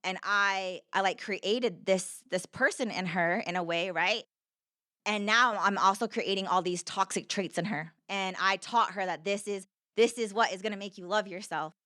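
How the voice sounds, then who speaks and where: A woman's voice: medium pitch, moderate pace, pushed and bright, dry recording, clean studio sound. A young woman, a podcast guest, telling her story in an earnest, conversational way, repeating herself and filling with "like".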